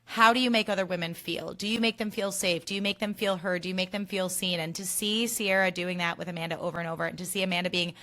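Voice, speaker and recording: A woman's voice: on the low side, steady tone, fast talker, hardly any pauses, bright, forceful tone. A young woman hosting a podcast, giving a casual recap in an emphatic, ranting style and swearing freely. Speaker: podcast host.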